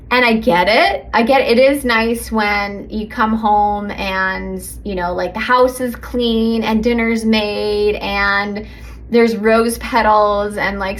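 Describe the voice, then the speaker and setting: A woman's voice: mid-range voice, a little hiss or hum. A woman hosting a podcast as a relationship coach, talking casually and conversationally, laughing easily and acting out sample dialogues.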